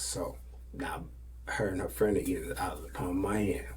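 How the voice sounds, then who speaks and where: A man hosting a podcast, telling stories casually in loose slang and often dropping to a hushed whisper. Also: sits low, fairly even intonation, normal speed, husky. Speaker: podcast host. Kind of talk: casual storytelling.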